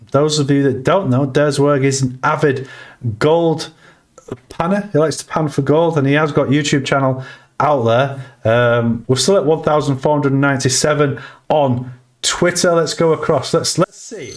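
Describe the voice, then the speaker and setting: Guy streaming crypto, chatty and hyped, shouting out viewers then back to charts. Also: mid-range voice. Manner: excitable, swings between chart talk and shout-outs to chat. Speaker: crypto livestream host. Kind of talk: casual livestream chat.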